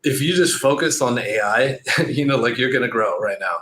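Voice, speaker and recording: Male interview guest, casual and rambling, bright voice, echoey room mic. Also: medium pitch, normal speed. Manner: relaxed, rambling with frequent "like" fillers. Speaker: guest, SEO entrepreneur. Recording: roomy echo with faint noise.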